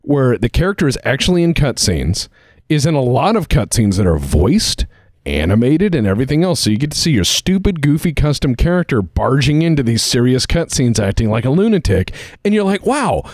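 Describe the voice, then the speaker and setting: A man's voice: medium pitch, brisk, dry recording. A man co-hosting a podcast, telling jokes and stories in casual chat. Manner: animated, joking storyteller. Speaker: podcast co-host.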